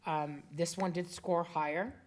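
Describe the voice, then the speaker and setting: A woman's voice: fairly low pitch, fairly even intonation, unhurried, darkish tone. A woman with a Boston accent chairing a council meeting, talking casually and businesslike with fillers. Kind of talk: public meeting discussion.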